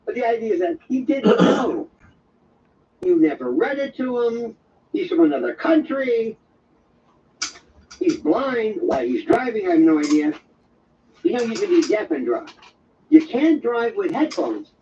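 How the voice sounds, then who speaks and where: An older man hosts a rambling live-stream monologue, sardonic and full of digressions. His voice sits very high and swoops up and down with a lot of life. The audio is dull and distant, with a faint hiss underneath. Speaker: live show host.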